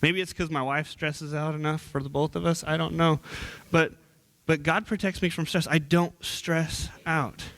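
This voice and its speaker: Young male youth minister, slightly high-pitched, preaching in church in an earnest, conversational style with frequent restarts. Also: little pitch movement, measured pace, gravelly, a bit bright. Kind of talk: sermon.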